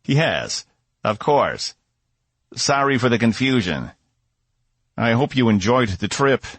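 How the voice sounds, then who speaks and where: A brash, indebted space pilot shouts and fumes, as a man reading an audiobook puts him on. The voice is husky and dry, pushed higher and louder than the narration. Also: sing-song, slow, no echo, full character voice. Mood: heated. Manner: heated, yelling.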